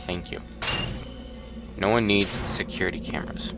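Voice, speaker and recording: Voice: low-pitched, normal speed. A game streamer giving casual, wry commentary while playing, reacting sarcastically and laughing often. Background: game music.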